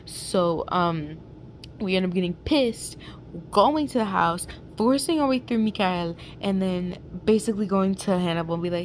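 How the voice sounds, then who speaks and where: A woman's voice: medium pitch, normal speed. Young woman, casual fanfic reader, chatty and filler-heavy, home mic with light background noise. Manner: chatty, giggly, lots of fillers. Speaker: fanfic reader and channel host. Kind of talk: casual chat and reading a fanfic aloud.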